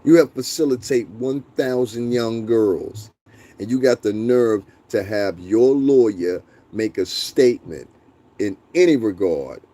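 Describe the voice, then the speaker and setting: A man's voice: medium pitch, mellow. Blunt, profane man live-streaming commentary. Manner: blunt, profane, laughs often, talks to chat. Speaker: livestream host.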